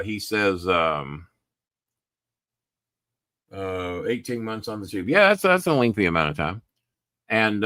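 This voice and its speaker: A man hosts his own show and rambles through a story, full of "I said" asides and casual swearing. His voice sits low. The sound is dry and close, with no room around it. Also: fairly bright tone, no room sound. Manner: rambling, retells calls with many "I said" asides; frequent swearing. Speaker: podcast host.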